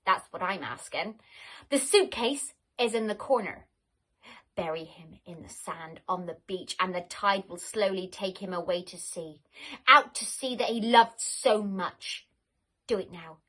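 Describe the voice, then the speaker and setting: A woman voicing a scheming, threatening widow in a comic audio story, speaking slowly and quietly. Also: mid-range voice. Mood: sinister.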